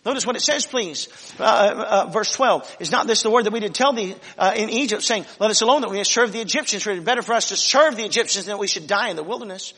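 Male pastor, high-pitched, intense preacher's delivery. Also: fast, hardly any pauses, slightly rough, long reverb tail. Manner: dramatic preaching that swings from shouting to whispers. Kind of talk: sermon.

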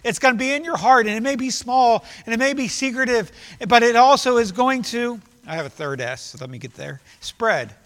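A male pastor preaching with fervent emphasis, often slipping into quoted voices. His voice sits high and sounds bright and forceful. It carries through a church sanctuary with a long, ringing reverb. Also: lively intonation, brisk. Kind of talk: sermon.

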